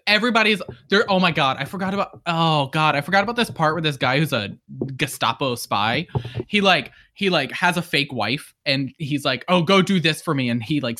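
Animated, bright-voiced man chatting. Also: on the high side. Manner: animated, swears a lot, acts out quotes. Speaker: podcast co-host. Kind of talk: casual chat.

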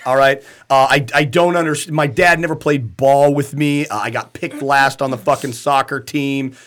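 A man co-hosting a casual podcast, telling profane, animated stories and laughing often. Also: medium pitch, normal speed.

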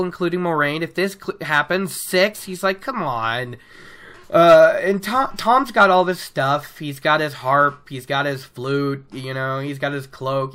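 A woman's voice: low voice, a bit bright. A woman casually recapping a book chapter, chatty and laughing, acting out characters' lines as she goes. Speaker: book discussion podcaster.

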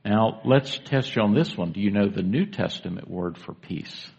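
A man's voice: on the low side, animated, normal speed, creaky, a little mellow, breathy edge, highs cut off. A man preaching a sermon to a congregation in a church, in a conversational way, putting questions to the listeners. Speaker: pastor.

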